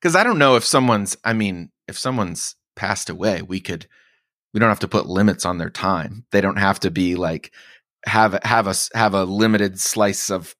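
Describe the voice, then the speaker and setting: A male podcast host with a fairly low but bright, forward voice. He asks questions in an easygoing, playful manner. The sound is dry and close-miked. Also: no room sound. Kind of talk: casual podcast interview.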